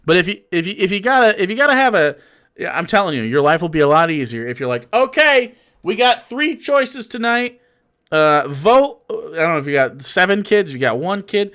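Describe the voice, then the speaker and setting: A man's voice: fairly high pitch, animated, fast, pushed and bright. A man giving casual, sarcastic and profane reaction commentary on a political video.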